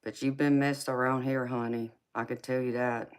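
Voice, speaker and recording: A woman's voice: very deep voice, level tone, normal speed, smooth. A woman with a Southern drawl hosts a live tarot stream and chats with her viewers. She teases them, laughs often and calls them honey and baby. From California. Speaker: livestream tarot reader host. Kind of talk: casual live-chat banter with viewers.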